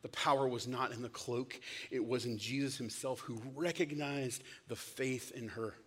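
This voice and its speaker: A male pastor giving a casual, conversational sermon, lively and acting out the lines he quotes. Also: mid-range voice, normal speed, breathy edge. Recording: long hall reverb.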